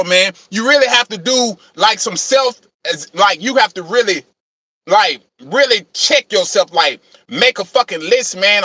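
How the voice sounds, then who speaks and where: A man's voice: very high voice, pushed and bright, dry recording. A man in an impassioned, profane rant, repeating "man" and "you know what I'm saying" as he drives each point home. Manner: calls himself passionate, gets things off his chest.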